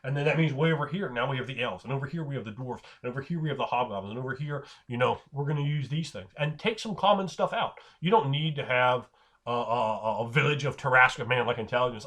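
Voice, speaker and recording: A man talks through game master advice in a loose, rambling way. He stumbles over his sentences and restarts them, then drops into quick impressions of characters. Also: medium pitch, a bit bright. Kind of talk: casual spoken tips on running tabletop games.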